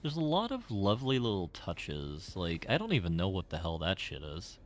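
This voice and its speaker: A man's voice: deep voice, wildly swooping pitch, moderate pace. A man streaming a game, giving casual commentary in a wry, rambling way.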